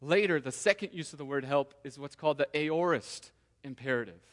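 A pastor preaches with earnest conviction, his male voice sitting a bit higher than most. He slips into the words of a struggling believer's prayer as he goes. The sound carries a long reverb from a large church hall. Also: fairly quick. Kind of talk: sermon.

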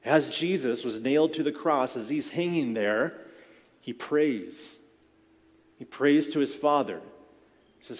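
A male pastor preaches a sermon, talking it through in a relaxed, conversational manner and often circling back to restart a phrase. His voice sits at an ordinary middle pitch. A long reverb trails behind every word, as in a big hall. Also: measured pace. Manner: conversational, explaining with frequent restarts.

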